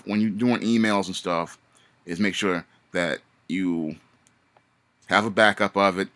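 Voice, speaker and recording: A man's voice: on the low side, a bit bright. A man in a casual vlog monologue, giving emphatic, repetitive warnings with frequent restarts. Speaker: vlogger.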